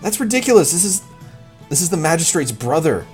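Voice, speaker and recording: A man's voice: a little high, very animated, brisk, soft background music, pitched above the performer's own voice. A man playing an urgent young woman in a tabletop game who questions the group sharply. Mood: alarmed. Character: startled, commanding young woman of the city.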